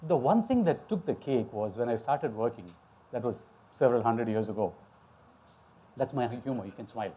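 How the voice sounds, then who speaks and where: A man's voice: medium pitch, lively intonation, normal speed, warm tone, slightly rough. A middle-aged man from Chennai moderating a conference panel, joking about himself and often restarting his sentences. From South India (Chennai). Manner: humorous, self-deprecating, many restarts. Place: conference hall.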